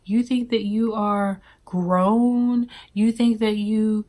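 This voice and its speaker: A woman voicing an abusive adult who slowly taunts and belittles a young woman. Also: medium pitch, little pitch movement, dark tone, lightly acted. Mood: taunting.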